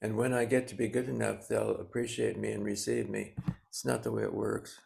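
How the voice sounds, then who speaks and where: A man in his seventies, a Zen teacher giving a dharma talk, speaking slowly and gently with many pauses and fillers. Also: fairly low pitch, level tone, vocal fry. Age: 70s.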